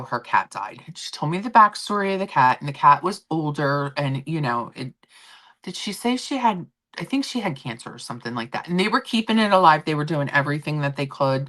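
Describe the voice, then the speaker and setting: A woman's voice: low-pitched, a bit bright. A middle-aged woman hosting a casual livestream, chatting in a rambling way and answering viewers' comments. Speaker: livestream host.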